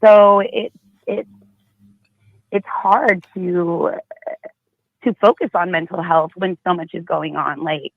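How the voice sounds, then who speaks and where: A woman's voice: lowish voice, slow, gravelly, long pauses, dry recording, phone-quality sound. A woman calling in to a talk show, speaking hesitantly with worry and frequent restarts. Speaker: caller. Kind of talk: phone call-in chat.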